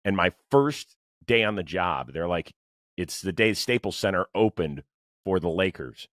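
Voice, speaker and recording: A man's voice: sits low, lively intonation, normal speed, fairly bright tone, dry recording, clean studio sound. A middle-aged man hosting a podcast, chatting casually and telling stories with animation. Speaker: podcast host. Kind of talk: casual interview chat.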